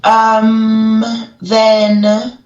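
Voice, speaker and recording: A woman's voice: fairly high pitch, completely flat delivery, extremely slow, a little mellow. Bubbly, swearing woman on a roomy lo-fi line. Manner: bubbly, swears freely, laughs often. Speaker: co-host, runs a haunted asylum. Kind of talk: casual podcast chat. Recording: roomy, dull lo-fi call audio.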